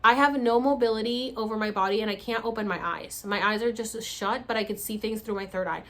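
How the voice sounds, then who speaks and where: A woman vlogger telling a story to camera in a casual, animated way, swearing freely and acting out her own reactions. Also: a little high, a little fast.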